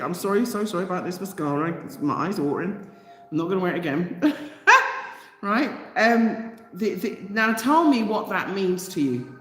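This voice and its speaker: A woman hosting a channel, reading out a news item and reacting with passionate, indignant commentary full of rhetorical questions. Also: medium pitch. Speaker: channel host. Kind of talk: casual commentary. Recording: echoey room with long reverb.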